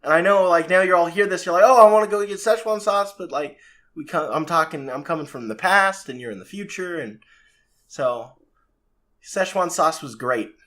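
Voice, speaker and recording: Joking podcast co-host, fairly high voice. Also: male voice, moderate pace. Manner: joking, teasing banter with deadpan asides. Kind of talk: casual podcast chat.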